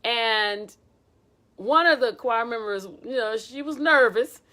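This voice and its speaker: A woman choir director giving a casual, animated teaching talk and acting out quotes as she tells stories. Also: a little high, slow. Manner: animated storytelling with acted quotes.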